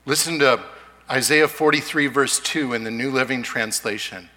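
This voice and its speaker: A man delivers a sermon from the front of a church, earnest and deliberate, stretching out key phrases. His voice is bright and forceful, and it rings with the long reverb of the sanctuary. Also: medium pitch. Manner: earnest, slows down for emphasis. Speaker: pastor.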